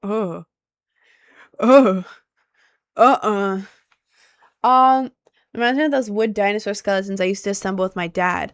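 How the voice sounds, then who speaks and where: A woman's voice: medium pitch, fairly even intonation, a little slow, pauses often, no room sound, studio quality. A young woman streamer chatting casually with her viewers, rambling and easily sidetracked in an upbeat way.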